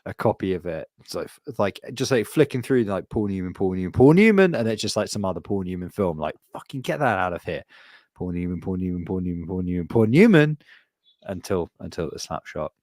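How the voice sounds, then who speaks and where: A man's voice: low voice, fast talker, a little mellow, no room sound, studio quality. A man co-hosting a podcast in casual chat, rambling with lots of "like" and swearing. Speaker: podcast co-host.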